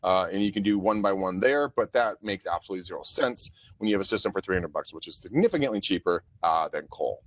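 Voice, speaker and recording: Man co-host in his 40s, energetic and profane, dry dull-sounding mic. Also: deep voice, quick pace, hardly any pauses, no room sound. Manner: energetic, profane, laughs often. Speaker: podcast co-host, real estate agent. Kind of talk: casual chat. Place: office.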